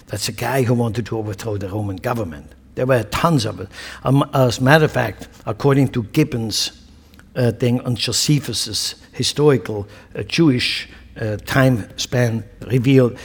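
A man's voice: mid-range voice, moderate pace, husky. A man preaching a sermon with impassioned, rhetorical delivery and scornful asides. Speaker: pastor. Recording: long hall reverb.

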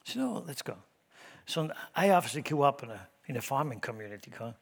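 A middle-aged man, a pastor preaching a sermon in a Midwestern church, swinging between loud exhortation and hushed asides. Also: mid-range voice, big pitch swings, quick pace, gravelly.

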